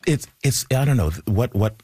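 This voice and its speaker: A man's voice: medium pitch, normal speed, warm tone, husky, no room sound. A man, an actor, talking thoughtfully in a radio studio interview, often restarting and reciting lines with feeling. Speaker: actor, guest.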